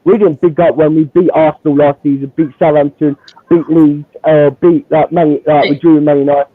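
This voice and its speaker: A man, a Chelsea fan arguing football in heated banter, animated and repetitive as he talks over the host. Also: fairly high pitch, normal speed, no room sound, phone-quality sound. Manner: animated, repeats himself, talks over others.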